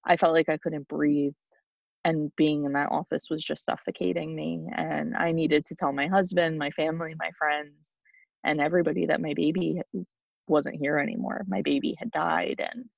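A young woman shares a painful personal story as a podcast guest, her voice gravelly and held to a narrow, even pitch. She speaks haltingly and often restarts her sentences. The recording sounds dull and lo-fi, with a dry, close sound. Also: dry recording.

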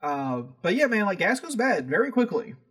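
A man co-hosting a podcast, chatting casually with animated, profane, jokey storytelling. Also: high voice, moderate pace, husky. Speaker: podcast co-host. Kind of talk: casual chat.

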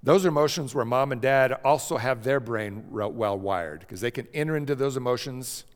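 A man giving a gentle slide lecture on how children learn to handle emotions, often checking in with "okay?" and softly acting out a comforting parent. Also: mid-range voice, fairly quick, long reverb tail. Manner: drops to a soft cooing voice when acting out a parent. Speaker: speaker teaching about emotions.

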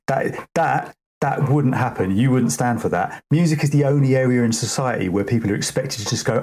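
A man's voice: mid-range voice, expressive, quick pace, hardly any pauses, darkish tone, slight background noise. A man arguing heatedly in a casual podcast chat, swearing and acting out the people he quotes. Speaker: podcast co-host, music producer.

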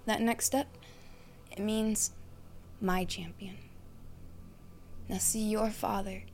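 A woman preaching a reflective sermon, teaching through questions and lists and dropping to a hushed tone at key phrases. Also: on the high side, slight background noise.

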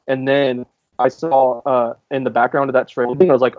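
A man's voice: medium pitch, level tone, moderate pace, dry recording, highs cut off. A young man co-hosting a movie review, rambling casually with lots of filler words. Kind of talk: casual chat.

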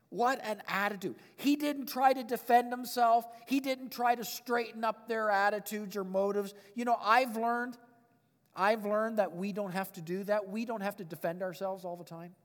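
A male pastor preaches expressively, reading scripture, commenting on it and chuckling at his own points. His voice sits high for a man, and a long reverb suggests a large sanctuary.

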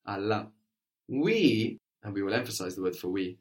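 A man's voice: fairly low pitch, a little slow. A man teaching a language lesson, patiently prompting his student with questions and often checking with "no?".

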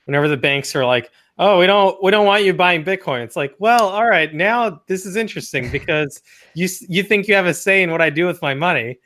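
Male co-host, tense bright tone, wry joker in relaxed talk. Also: sits high. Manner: quick, wry, laughs while talking. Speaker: podcast co-host. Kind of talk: casual chat.

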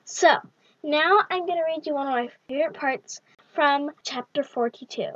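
A woman's voice: high-pitched, moderate pace, fairly bright tone, no room sound, lo-fi sound. A woman hosting her own book review vlog, talking in an upbeat, chatty way.

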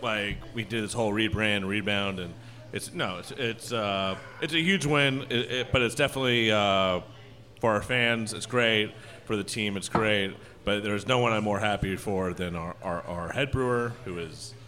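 Bright-voiced rambling brewer. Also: male voice, fairly low pitch, normal speed. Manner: rambling, many restarts, animated when retelling stories. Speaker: brewery co-owner. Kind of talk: casual podcast chat.

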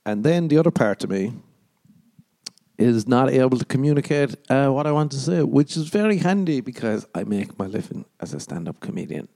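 Man, Irish accent, mellow dark tone, rambling self-deprecating podcast chat. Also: mid-range voice, big pitch swings, brisk, vocal fry. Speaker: podcast host, stand-up comedian.

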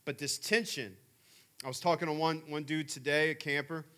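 A man in his forties giving a sermon as a camp speaker, telling stories in an animated, chatty way. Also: fairly high pitch, moderate pace.

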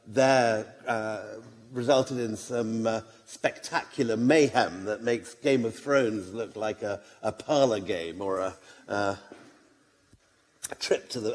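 Halting male lecturer in a reverberant hall. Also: mid-range voice, darkish tone. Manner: halting delivery with frequent "uh" fillers; wry asides. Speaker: author giving a lecture. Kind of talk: public lecture.

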